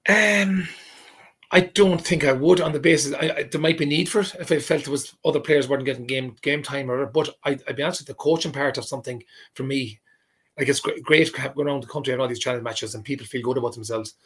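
Male coach, rapid husky delivery, emphatic, stumbles and restarts. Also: medium pitch, steady tone, fairly bright tone. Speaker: coach and pundit. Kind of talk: casual sports chat.

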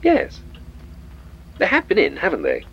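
A man's voice: high voice, huge pitch swings, measured pace, creaky, a bit bright, lo-fi sound, slight background noise, exaggerated voice. An actor playing a genial, cheerfully polite but menacing old man in an audio drama.

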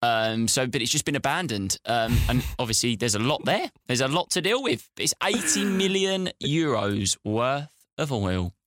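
A man co-hosting a casual podcast chat, rambling with lots of ums and pauses. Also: mid-range voice, animated, a bit bright, dry recording, studio quality. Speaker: podcast co-host.

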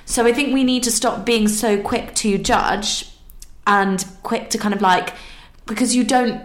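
A woman hosting a podcast, chatting casually and telling animated stories. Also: a little high, unhurried, roomy sound. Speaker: podcast host. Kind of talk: casual chat.

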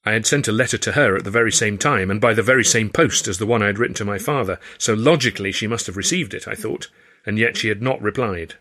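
A man narrating his own novel in the first person, in a wry, measured storytelling manner. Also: lowish voice, sharp tone. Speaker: author reading his novel.

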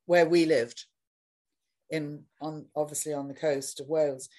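Older woman reminiscing, low voice. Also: steady tone, crowd noise. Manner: deliberate, reminiscing, searches for words. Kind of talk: casual chat.

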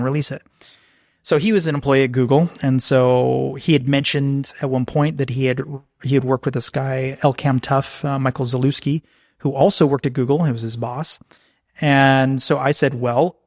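A frank man telling stories as a podcast guest, slipping into the voices of the people he quotes. His pitch sits mid-range, and the sound is dry and close, with no room around it. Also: darkish tone, no echo. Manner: frank, anecdotal, acts out quoted exchanges. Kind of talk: candid conversational storytelling.

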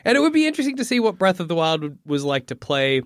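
Podcast co-host, male, lively and slightly high voice, laughs a lot, dry recording. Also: fast talker, no room sound. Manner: laughs often, animated, self-mocking. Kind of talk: casual chat.

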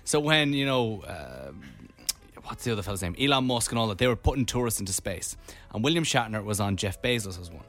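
Animated Dublin radio host. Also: male voice, lowish voice, brisk. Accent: Dublin Irish. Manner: rambling animated storyteller. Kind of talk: casual radio chat.

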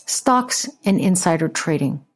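Woman, podcast host, sarcastic, swearing, animated political commentary. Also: on the low side, a little slow.

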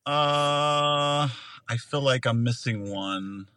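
A man talking excitedly and joking around as a guest on a podcast. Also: mid-range voice, drawn-out words, clean tone, no room sound. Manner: excitable, jokey. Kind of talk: casual chat.

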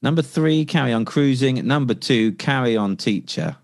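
A man's voice: mid-range voice, expressive, normal speed, vocal fry, very noisy. A man co-hosting a podcast, chatting casually with a playful manner. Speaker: podcast co-host.

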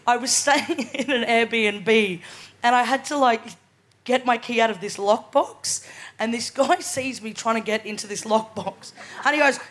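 A woman in her twenties with an Australian accent performs a live stand-up set at a comedy venue, casual and cheeky, frequently finishing lines with "right?". Her voice is fairly high-pitched and fairly bright.

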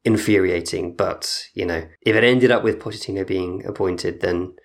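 A man's voice: low-pitched, normal speed, creaky. A man hosting a football podcast, reading listener emails aloud and adding dry asides in casual chat.

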